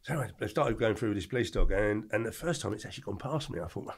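Guy talking fast with a gravelly voice, telling stories. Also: lowish voice. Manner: animated anecdotes with acted-out quotes. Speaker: podcast guest. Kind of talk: casual storytelling.

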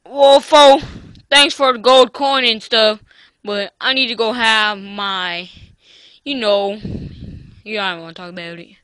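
A woman playing a greedy, excitable young boy who calls people fool and noisily kisses his gold coins in a homemade puppet comedy. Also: on the high side, unhurried, smooth, no echo.

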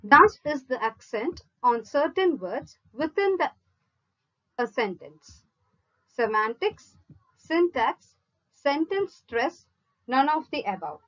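A woman teacher slowly reading out multiple-choice questions, listing each option before giving the answer. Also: sits high, big pitch swings, a bit bright, highs cut off. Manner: measured, reads each option in a list then gives the answer. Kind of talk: slow read-out quiz lesson.

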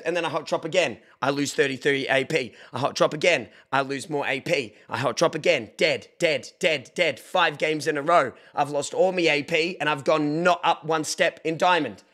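A young man streams from home on a desk microphone. His voice is bright and sits somewhat high. He chats casually, jokes with chat and breaks into playful shouts. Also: moderate pace, few pauses. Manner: animated, joking, bursts of mock shouting. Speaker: livestreamer.

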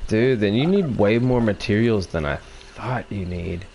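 A man's voice: lowish voice, normal speed, vocal fry, a little mellow, lo-fi sound, slight background noise. A man hosting a game stream, explaining things to his friends and greeting viewers. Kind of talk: casual chat.

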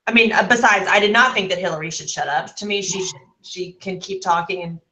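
A woman's voice: fairly low pitch, fairly quick, sharp tone, poor audio. A woman co-hosting a casual book club chat, blunt and casually profane. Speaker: podcast co-host, discussion leader.

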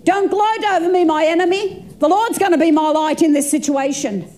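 A woman's voice: extremely high pitch, normal speed, warm tone. A woman pastor in her sixties preaching a fervent sermon, stretching and repeating her phrases.

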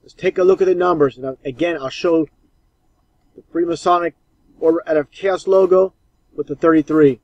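A man's voice: a little high, fairly even intonation, normal speed, darkish tone, highs cut off. A man commenting scornfully and insistently over old clips.

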